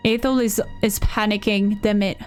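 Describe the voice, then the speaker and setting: A woman's voice: mid-range voice, fairly even intonation, normal speed, clear, resonant tone, faint music behind. A woman streamer talking to herself through a game, repeating words and getting frantic under pressure. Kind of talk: live gameplay commentary.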